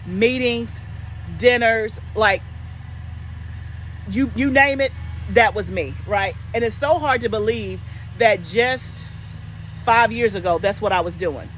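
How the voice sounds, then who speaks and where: A woman in her forties chatting casually with viewers as host of a home gardening channel, animated and talkative. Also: on the high side, slow pace, pauses often, slight background noise, low-quality recording. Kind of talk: casual chat.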